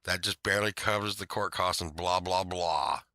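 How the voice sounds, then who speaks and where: A man quoting a laid-back male judge in a low, offhand voice. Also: normal speed, sharp tone, no room sound. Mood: wry.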